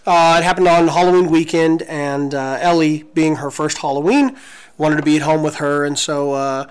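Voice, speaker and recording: A man in his forties co-hosting a podcast, telling a story in an excited, gushing way with many restarts. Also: a little high, normal speed, clear, resonant tone, poor audio. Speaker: podcast co-host. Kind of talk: casual storytelling chat.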